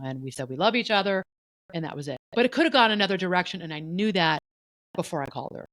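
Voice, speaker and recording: A middle-aged woman co-hosting a podcast, telling a personal story in a candid, animated way and acting out what others said. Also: on the low side, a little fast, no echo, low-quality recording. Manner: candid, animated, often voices the people she quotes. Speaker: podcast co-host.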